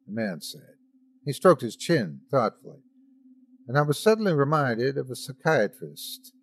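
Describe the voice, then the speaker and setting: A man's voice: lowish voice, expressive, a little slow, breathy edge. A man hosting a podcast, giving theatrical, dramatic narration of horror stories. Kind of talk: scripted horror story narration.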